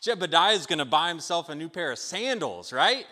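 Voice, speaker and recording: A man preaching a sermon in a conversational, animated way, telling a story and checking in with the listeners. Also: a little high, a little fast, hardly any pauses. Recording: long hall reverb.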